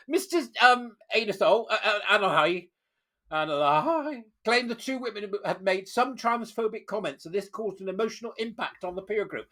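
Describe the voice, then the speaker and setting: Mocking vlog commentary, sharp tone, animated pitch, frequent laughter. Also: a little fast. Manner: scornful, laughs often, reads out quotes. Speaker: commentary vlogger.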